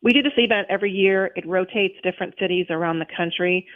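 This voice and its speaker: A woman's voice: lowish voice, quick pace. A woman guest on a radio show, chatting casually with lots of fillers about her city's tourism. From New Orleans. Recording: tinny phone-line radio sound.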